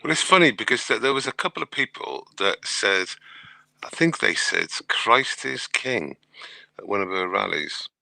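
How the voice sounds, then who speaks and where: A Welsh man on a live stream with a very deep, gravelly voice. His tone is bright and sharp, and he makes mocking, dismissive remarks in a dry, close recording. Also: sing-song, fairly quick, dry recording. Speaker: stream host. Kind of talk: casual livestream commentary.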